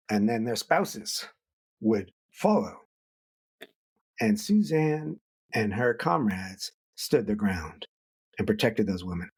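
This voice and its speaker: Husky, low-voiced middle-aged man. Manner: animated, acts out quoted voices. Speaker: author and guest. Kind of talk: podcast interview conversation.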